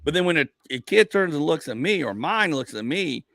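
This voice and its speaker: Male comedian host, animated storyteller, rambly, restarts a lot, dry close mic. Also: a little high, a little fast, gravelly, no room sound. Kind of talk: casual podcast chat.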